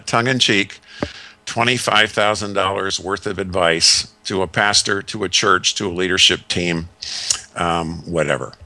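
A man in his sixties, a discipleship consultant, telling stories and giving advice in a measured, folksy way with many fillers. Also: deep voice, pushed and bright, dry recording. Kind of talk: radio talk segment.

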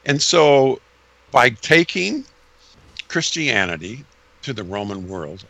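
A man's voice: lowish voice, sharp tone. A man explaining church history in a conversation, lecturing in sweeping emphatic runs and correcting himself as he goes.

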